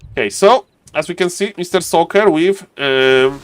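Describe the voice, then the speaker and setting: Chatty male game caster, slightly high voice. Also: no room sound. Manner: chatty, addresses viewers and players directly. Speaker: esports caster. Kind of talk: casual live game commentary.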